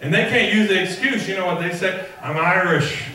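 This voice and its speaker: A pastor preaching an animated, jokey sermon and acting out the voices of others. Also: male voice, sits high, fast, noisy background. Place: large church sanctuary. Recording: echoey church hall, mic far off, congregation audible.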